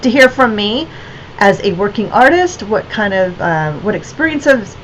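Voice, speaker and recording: A woman's voice: mid-range voice, animated, a little slow, low-quality recording. Brief: woman gallery owner, casual livestream chat, rambling and unscripted, slight noise behind. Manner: rambling, many fillers and restarts.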